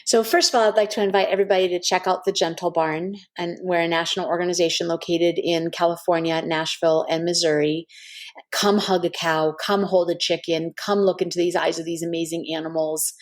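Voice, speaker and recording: A woman's voice: on the low side, level tone, a little fast. A woman guest on a podcast, telling an earnest, heartfelt story with many "kind of" and "like" asides. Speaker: guest, animal intuitive.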